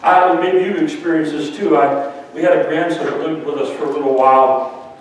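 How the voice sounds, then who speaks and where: A man's voice: fairly high pitch, fairly even intonation, moderate pace. An older man, a grandfather and pastor, preaching a sermon with playful asides and stories told to the congregation. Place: church sanctuary. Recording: echoey church hall from far off.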